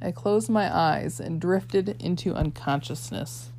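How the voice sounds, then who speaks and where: A woman reading a novel aloud as first-person narration, expressive and shifting between a boy's and a girl's voices. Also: fairly low pitch, slow pace, creaky, slight background noise. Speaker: audiobook narrator.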